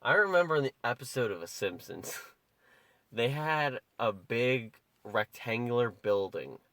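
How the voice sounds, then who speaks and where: A young male podcast co-host chats casually, telling rambling stories packed with "like" and other fillers. His medium-pitched voice is animated, fairly bright, and a little slow, with no room sound.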